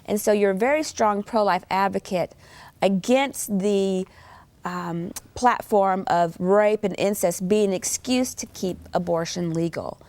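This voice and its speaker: A woman hosting an interview, soft-spoken, answering her guest with steady murmurs of agreement and quiet amens. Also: mid-range voice, unhurried, no echo. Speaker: host.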